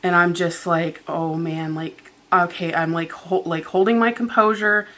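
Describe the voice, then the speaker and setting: A woman vlogger tells a story from home, casual and chatty, venting in exasperation with frequent "like"s. She speaks at a normal speed in a lowish voice that is a bit bright.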